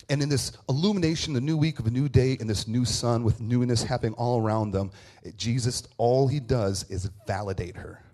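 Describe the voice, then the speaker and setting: Man preaching a casual, animated sermon. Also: medium pitch. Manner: conversational, animated storytelling with laughs and asides. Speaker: pastor. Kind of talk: Easter sermon.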